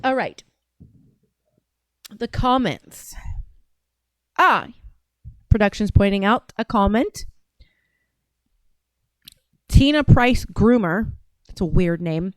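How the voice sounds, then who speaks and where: A woman's voice: on the high side, lively intonation, slow pace, pauses often, dry recording. A woman in her thirties hosting a casual commentary show, ranting in a heated, sarcastic, profane way. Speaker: show host.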